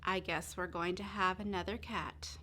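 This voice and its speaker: A woman voicing a gentle, patient mother in a calm, reassuring way. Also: lowish voice, moderate pace, a little hiss or hum.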